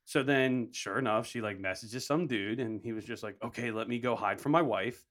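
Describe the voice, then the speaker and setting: A man's voice: mid-range voice, fairly quick. A young man on a podcast telling a story with lots of swearing, acting out what everyone said. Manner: profane, animated storyteller acting out quotes. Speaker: podcast co-host. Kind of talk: casual podcast chat.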